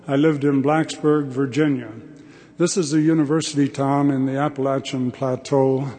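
An older man giving a devotional address to an audience in a plain, measured and thoughtful way. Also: mid-range voice, a little mellow. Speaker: devotional speaker. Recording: long hall reverb.

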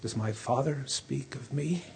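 A man voicing a desperate, ashamed young runaway son who pleads in a pained, husky voice. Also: medium pitch, unhurried, slight background noise. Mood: pleading.

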